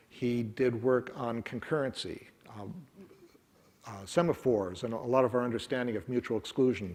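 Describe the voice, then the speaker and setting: A man's voice: mid-range voice, darkish tone. A middle-aged man giving a wry, conversational technical talk at a conference, full of ums and uhs. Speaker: conference speaker. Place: conference room.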